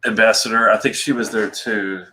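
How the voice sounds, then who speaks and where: A man's voice: on the low side, fairly even intonation, normal speed, sharp tone, slight background noise, low-quality recording. A man co-hosting a casual whisky chat, easygoing and conversational. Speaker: whisky podcast co-host.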